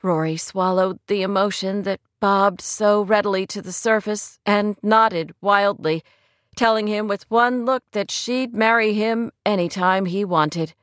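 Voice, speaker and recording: Woman with a gentle, measured reading voice. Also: medium pitch, clear, resonant tone, no echo. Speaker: audiobook narrator. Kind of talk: scripted narration.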